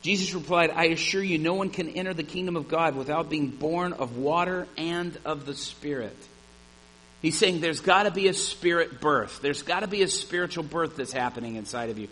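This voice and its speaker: A man's voice: a little high, moderate pace, a bit bright, rough recording. A man preaching a sermon, earnest and emphatic, retelling conversations and repeating phrases for emphasis. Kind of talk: sermon with storytelling.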